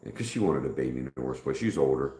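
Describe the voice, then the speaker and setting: Fast and expressive, this middle-aged man from the US has a rumbling low, mellow voice that echoes around the room. On his live stream he wanders through stories in easygoing chat and performs the lines he quotes.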